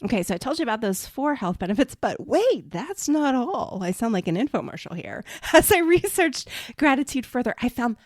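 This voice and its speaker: A middle-aged woman hosting a faith-based podcast, talking in an encouraging way, calling listeners "friend" and dropping to a soft whisper for emphasis. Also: on the high side, sing-song, fast, dry recording, clean studio sound. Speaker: podcast host and body image coach.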